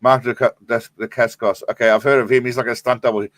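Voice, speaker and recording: A man's voice: mid-range voice, little pitch movement, fast talker, fairly bright tone, no echo. An Australian man hosting a live stream, rambling and swearing in a laid-back way while stoned. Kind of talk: casual live stream chat.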